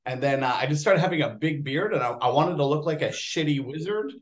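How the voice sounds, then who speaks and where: Animated higher-voiced man telling stories. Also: brisk. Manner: animated storyteller, acts out quotes. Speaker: actor guest. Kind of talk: casual interview chat.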